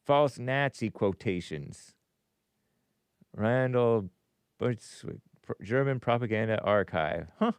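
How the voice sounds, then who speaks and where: A man's voice: medium pitch, lively intonation, slow, long pauses, clear, resonant tone, no room sound. A man hosting a call-in show in casual live-stream chat, musing aloud and stumbling over hard names.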